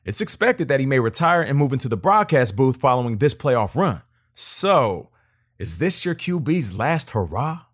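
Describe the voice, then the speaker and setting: A man's voice: mid-range voice, very animated, moderate pace, slightly rough. A man interviewing football players, reading prepared questions.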